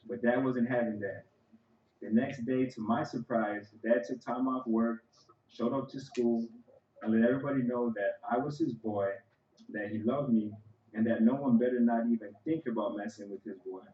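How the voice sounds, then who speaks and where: A man's voice: medium pitch, fairly even intonation, moderate pace, echoey room, highs cut off. A man, a son, giving a conversational, story-filled eulogy for his father at a funeral. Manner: conversational and storytelling, with frequent "you know" asides. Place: church sanctuary.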